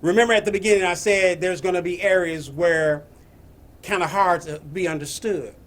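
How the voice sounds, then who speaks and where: A man giving a spiritual message, slow and emphatic, repeating his phrases. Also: sits high, fairly even intonation, fairly bright tone. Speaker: spiritual teacher.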